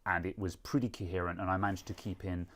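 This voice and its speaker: A man's voice: sits low, level tone, fast, a bit bright. A British man hosting a live stream, chatting casually in a rambling, self-mocking way. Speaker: streamer host.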